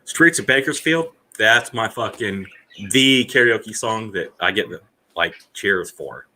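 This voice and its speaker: A man chatting as a podcast guest, blunt and crude, swearing a lot with dark humor. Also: on the low side, lively intonation, unhurried, low-quality recording. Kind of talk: casual chat.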